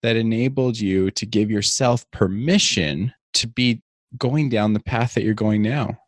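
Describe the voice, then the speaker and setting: Man, interview host, deliberate, wordy questions, lowish voice, dry close sound. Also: dry recording. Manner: measured, deliberate, long wind-up questions.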